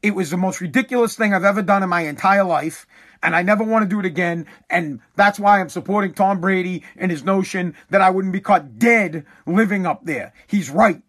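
A fed-up man, swearing freely as he rants through a long casual monologue. His voice sits notably high for a man, and his delivery is emphatic and exasperated. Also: a little fast, fairly bright tone. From New England. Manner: exasperated, profane, emphatic ranting.

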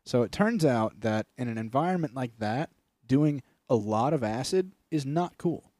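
A man's voice: medium pitch, lively intonation, moderate pace, a little mellow, no echo. A young man co-hosting a podcast, telling rambling stories in a casual, crude, swearing way. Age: young adult. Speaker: podcast co-host. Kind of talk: casual chat.

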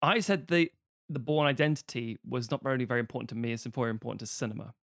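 Man from the UK, podcast co-host, animated, swears freely, dry close-mic sound. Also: mid-range voice, fast talker, creaky, no echo. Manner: animated, swearing, acts out comic bits. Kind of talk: casual film discussion.

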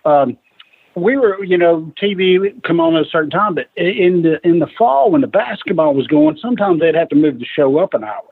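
Male guest, husky and a little high, lively storyteller, heard over a tinny line. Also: fairly quick. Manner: animated storyteller acting out quoted lines. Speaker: guest, retired wrestler. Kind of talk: casual storytelling.

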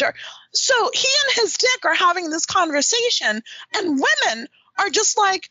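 High lively woman, dominatrix in an interview, blunt and swears a lot, dry close sound. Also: normal speed, dry recording, poor audio. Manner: blunt, profane and emphatic. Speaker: dominatrix guest. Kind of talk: candid interview talk.

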